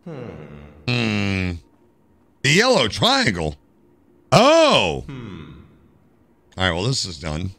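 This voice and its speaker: A man's voice: fairly low pitch, slow, vocal fry, long pauses, no echo. A man with an American accent streaming a game live, cracking jokes and complaining to his chat. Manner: animated, jokey, complains to chat. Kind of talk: live gameplay commentary.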